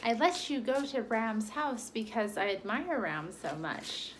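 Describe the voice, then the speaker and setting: A woman voicing a protective mother dog who talks in a measured, hesitant way. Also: fairly high pitch, big pitch swings, a little hiss or hum, rough recording. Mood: cautious.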